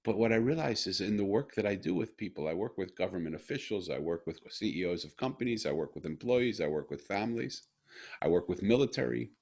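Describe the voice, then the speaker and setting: A man's voice: low voice, a little fast, slightly rough. A middle-aged man in an earnest casual conversation, telling a personal story. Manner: earnest, animated when retelling. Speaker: guest.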